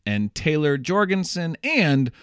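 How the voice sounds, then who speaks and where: A man's voice: fairly high pitch, big pitch swings, a little slow, smooth, no echo, clean studio sound. A young adult man hosting a casual movie-review podcast, laughing often and swearing casually. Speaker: podcast host.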